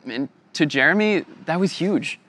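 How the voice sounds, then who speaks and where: A young man telling a personal story in a lively way, laughing often and acting out the voices of others. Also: on the high side, normal speed.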